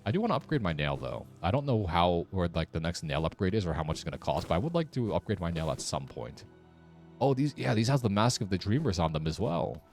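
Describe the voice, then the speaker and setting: A man with a deep voice talks through a game in a casual, wry way, muttering sarcastic asides. His pitch swings about as he reacts. Faint game music plays behind him. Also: big pitch swings, fast, darkish tone. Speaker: streamer. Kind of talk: casual gameplay commentary.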